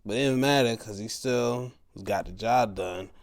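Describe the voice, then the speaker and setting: A man hosting a podcast and recapping wrestling and baseball in a casual, playful way, sometimes jumping into high mocking voices. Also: normal speed. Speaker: podcast host.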